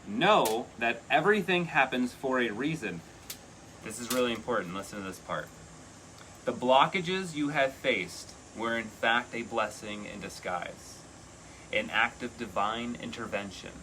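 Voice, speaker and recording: Guy doing a live tarot read, bright voice, chatty, gets all excited, bit of room noise. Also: medium pitch, poor audio. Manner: chatty, earnest, excitable bursts. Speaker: tarot reader.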